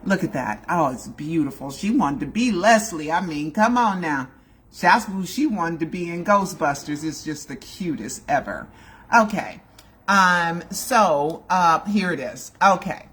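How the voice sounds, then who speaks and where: A woman's voice: fairly low pitch, lively intonation, a little slow, a bit bright, slightly rough. A woman in her sixties hosting a casual video chat from her home, talking in a digressive, emotional way. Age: 60s. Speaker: video host. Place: home room.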